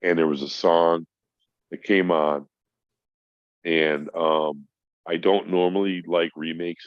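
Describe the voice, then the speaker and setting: Very deep-voiced profane middle-aged man. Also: dry recording. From Minnesota. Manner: profane, heartfelt storytelling. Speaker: podcast guest. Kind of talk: casual chat. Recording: dull, dry lo-fi sound.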